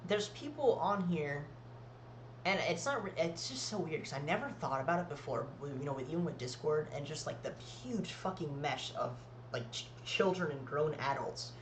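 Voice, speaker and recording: A man's voice: fairly high pitch, expressive, normal speed, roomy sound, a little hiss or hum, poor audio. A man co-hosting a podcast, telling long, rambling stories full of swearing in casual chat. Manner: rambling, profane, storytelling. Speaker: podcast co-host.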